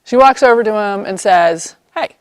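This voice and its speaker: A woman equine therapy practitioner, an animated storyteller who acts out the people in her story, recorded outdoors by horses on a camera mic. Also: mid-range voice, normal speed, no room sound. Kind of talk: storytelling vlog.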